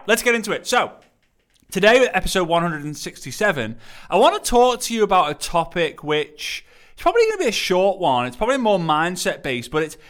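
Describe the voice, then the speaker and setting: Energetic English man with a lisp. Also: on the high side. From England. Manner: energetic, emphatic, repeats key phrases. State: recovering from illness, not fully well. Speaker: podcast host. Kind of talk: solo motivational podcast talk.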